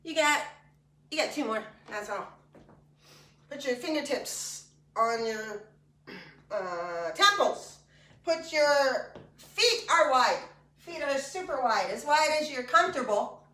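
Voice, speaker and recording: High, bright woman leading an exercise class. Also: lively intonation, slow, long pauses. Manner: chatty and joking between cues. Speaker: fitness instructor. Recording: echoey room, mic far off.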